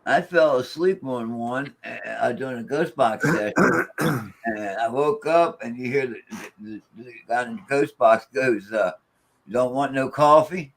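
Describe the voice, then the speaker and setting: A man's voice: medium pitch, unhurried. A man talking casually about ghost box sessions, rambling with many restarts and quoting the voices he hears. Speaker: paranormal investigator. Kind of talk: casual chat.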